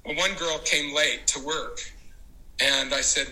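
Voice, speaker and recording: A man giving a devotional talk, spinning a story with big dramatic swings in his voice. His tone is very bright and pointed, and his pitch sits a bit high. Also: measured pace, rough recording. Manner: dramatic, animated storytelling with acted-out quotes. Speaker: church leader giving a talk.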